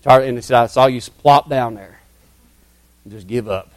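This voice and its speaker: A middle-aged man, telling a childhood story in a sermon in a folksy, dramatic way that drops to hushed tones. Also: medium pitch, moderate pace, dry recording. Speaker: preacher telling a testimony.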